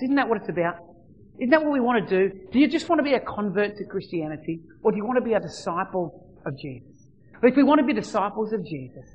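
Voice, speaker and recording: A man preaching a sermon, telling a personal story with lively exclamations before leading a prayer. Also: high voice. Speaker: pastor. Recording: long hall reverb.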